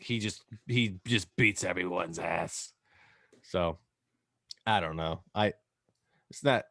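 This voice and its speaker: A man hosting a podcast in casual chat, rambling and animated, swearing freely. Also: low voice, no echo, clean studio sound. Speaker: podcast host.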